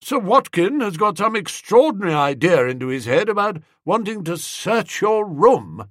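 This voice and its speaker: A hearty, breezy middle-aged aunt, chummy and bright, as a male narrator puts her on for an audiobook. The voice is lifted and lively, recorded dry and close. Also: moderate pace, dry recording. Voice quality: hearty, chummy, raised pitch. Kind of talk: audiobook character voice.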